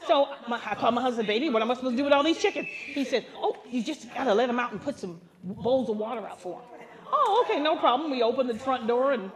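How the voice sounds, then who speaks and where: Animated older woman pastor telling comic stories. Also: a little high, fast talker. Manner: animated, acts out voices, laughing often. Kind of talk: comic storytelling to a women's gathering. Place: live gathering.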